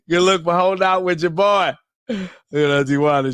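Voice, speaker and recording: Man, tired late-night stream host, high voice, bone-dry close sound, cussing, rambling. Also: very animated, moderate pace, vocal fry, no echo. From US West Coast. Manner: loud, profane, rambling banter.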